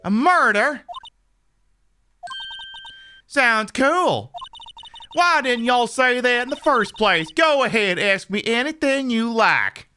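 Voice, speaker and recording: A woman voicing a brash Southern country woman photographer with a loud, scolding drawl. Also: fairly high pitch, lively intonation, takes it slowly, pauses often, soft background music, exaggerated voice. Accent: American Southern. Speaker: streamer voicing game characters.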